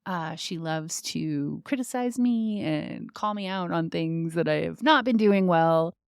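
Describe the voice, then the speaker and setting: A young adult woman talks through a personal story on her podcast, chatty and full of ums and little laughs. Her voice sits a bit low and she speaks slowly. The sound is dry and close, with no room around it. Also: clear, resonant tone, no echo. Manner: chatty, laughs often, many fillers. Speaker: podcast host. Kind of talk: casual storytelling monologue.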